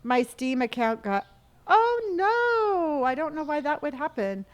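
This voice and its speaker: A woman's voice: sits high, normal speed. A woman hosting a live gaming stream in casual chat, effusively thanking viewers one by one with a playful, sing-song manner.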